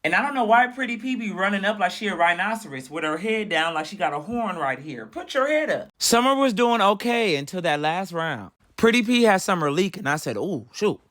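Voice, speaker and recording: A young man with a high-pitched voice recaps a reality show in casual, sassy commentary. His delivery is animated and mocking as he talks straight to his viewers. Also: a little fast, hardly any pauses.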